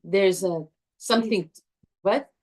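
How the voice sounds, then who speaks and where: A woman teaching a live Torah class to a group, animated and chatty, restarting her sentences often. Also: medium pitch, slow pace.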